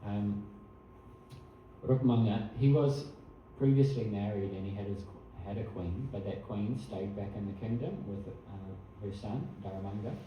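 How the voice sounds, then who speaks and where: A man telling a devotional story in a casual, chatty way, correcting himself and laughing softly at his own asides. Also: lowish voice, a little slow, highs cut off, slight background noise. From New Zealand. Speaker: storyteller at a temple program. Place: temple hall. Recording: distant mic in very echoey room.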